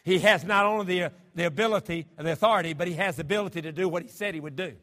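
A man's voice: sits high, very fast, sharp tone. A man preaching a sermon, emphatic and full of rhetorical questions to his congregation. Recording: long hall reverb.

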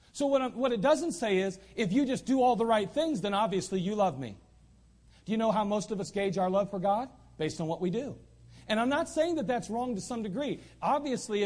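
Pastor mid-sermon, man with a high voice, emphatic church preaching that hammers points by repetition. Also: darkish tone. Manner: emphatic preaching, repeating lines for stress. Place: church sanctuary.

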